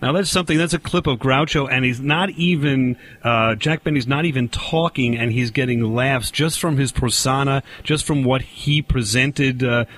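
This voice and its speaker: A man interviewing a guest, halting, with many fillers. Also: a little high, a bit bright.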